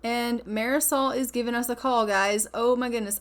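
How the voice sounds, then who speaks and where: A woman narrates her life-simulation gameplay in a relaxed, chatty manner, with a slightly high-pitched voice. She slips into the characters' lines as she goes, playing both sides of each conversation. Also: normal speed. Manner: casual, chatty, acts out both sides of dialogue. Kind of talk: let's play commentary voicing characters.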